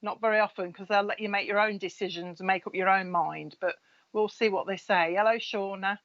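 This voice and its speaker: A woman's voice: medium pitch, fairly even intonation, a little fast, fairly bright tone. A middle-aged woman, a spiritual medium chatting casually on a live stream, reading out viewers' names in a friendly, gossipy way. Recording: slightly dull lo-fi live-stream audio.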